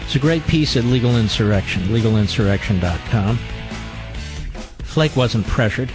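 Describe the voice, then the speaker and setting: A man's voice: mid-range voice, normal speed, over music. A man hosting a talk show, delivering a combative political monologue with sarcastic, mocking asides.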